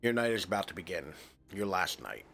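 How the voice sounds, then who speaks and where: Guy streamer reading game text out loud, low voice, jokey cursing asides. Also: very animated, a little fast, vocal fry. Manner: reads narration then breaks off into joking, swearing asides. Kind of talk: reading game text aloud with casual commentary.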